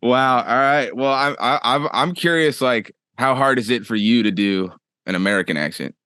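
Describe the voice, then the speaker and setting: A man co-hosting a podcast, chatty and quick to laugh. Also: medium pitch, bright, forceful tone, smooth, dry recording, clean studio sound. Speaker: co-host. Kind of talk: casual podcast chat.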